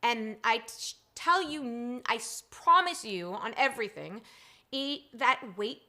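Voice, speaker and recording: With a slightly high voice and a measured pace, a woman in her forties hosts a casual live stream. She chats through viewer comments, reading them aloud while swinging from animated to hushed talk.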